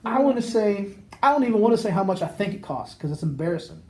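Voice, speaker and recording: Man telling a rambling story, warm dark tone. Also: sits high, fast talker. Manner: rambling, animated anecdote with acted quotes. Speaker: podcast co-host. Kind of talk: casual storytelling chat.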